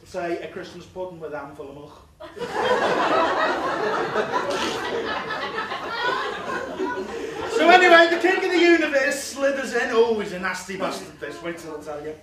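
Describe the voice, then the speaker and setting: Crude rambling comedian. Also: male voice, very high-pitched, big pitch swings, slow pace, pauses often, over a noisy crowd, very noisy. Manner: rambling, crude, chatty asides. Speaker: stand-up comedian. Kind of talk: live stand-up storytelling. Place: comedy venue with live audience. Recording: echoey live room, distant mic.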